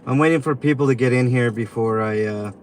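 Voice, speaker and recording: A man hosting a livestream from inside a vehicle, venting in a halting, upset way and greeting viewers. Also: mid-range voice, a little hiss or hum. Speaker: livestream host. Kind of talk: livestream commentary.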